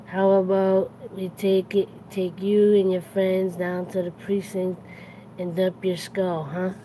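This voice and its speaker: A woman's voice: medium pitch, level tone, takes it slowly, mellow, a little hiss or hum, close to an everyday voice, low-quality recording. A woman with a Boston accent voicing a wisecracking tough male cop who taunts in streetwise bluster. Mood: taunting.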